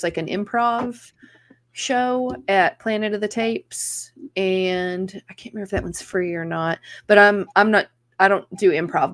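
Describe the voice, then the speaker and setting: A woman comedian in casual conversation, talking loosely with lots of fillers. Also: fairly low pitch. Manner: chatty, lots of likes and ums. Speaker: comedian guest. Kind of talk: casual chat.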